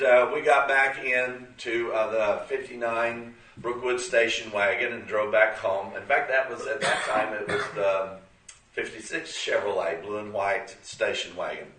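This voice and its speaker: A man's voice: medium pitch, pushed and bright. A man in his fifties telling a story in a sermon, folksy and conversational with many fillers. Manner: folksy and conversational, full of "you know" and "uh". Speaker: speaker at a church gathering. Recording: roomy, distant from the mic.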